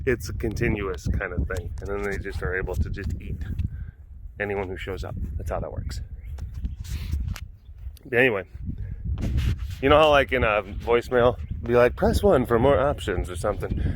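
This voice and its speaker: A man's voice: mid-range voice, normal speed, long pauses, fairly bright tone, slight background noise. A man hosting a casual vlog outdoors at an animal facility, telling a story in a jokey, rambling way full of restarts. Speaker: vlog host at an animal sanctuary.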